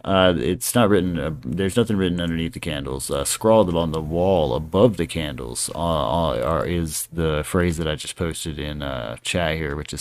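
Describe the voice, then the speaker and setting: A man with a very low voice runs a tabletop game as dungeon master. He talks in a loose, rambling way, full of fillers and casual swearing. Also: moderate pace, few pauses, no echo.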